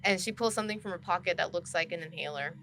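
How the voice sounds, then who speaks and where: A woman's voice: on the low side, fast, fairly bright tone, faint music behind. A woman narrating a tabletop role-playing game as game master, laughing often as she goes.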